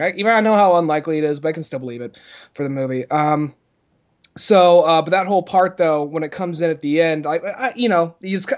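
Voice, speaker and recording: A man's voice: a little high, highs cut off. A man co-hosting a podcast, chatting casually about a movie, rambling, swearing and laughing often. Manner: rambling, profane, laughs often, restarts a lot. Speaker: podcast co-host.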